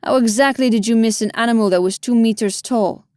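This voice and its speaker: A woman's voice: on the high side, fairly quick, a little mellow, clean tone, dry recording, close to an everyday voice. Woman reading a grumpy, blunt man who grunts his lines, in a dry booth. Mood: annoyed. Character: gruff, irritated man, protective of animals.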